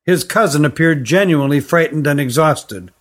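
Brief: male storyteller, fairly high voice, steady measured reading. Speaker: narrator.

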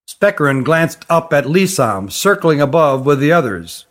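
A man's voice: a little high, very animated, moderate pace, hardly any pauses. Man narrating a fantasy audiobook.

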